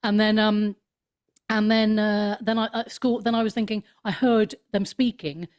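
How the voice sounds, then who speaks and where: A woman in her fifties, a comedian and author, chatting in an interview in a rambling, animated way with many restarts. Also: mid-range voice, moderate pace. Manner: animated storyteller, swoops up into mock voices. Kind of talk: casual interview chat.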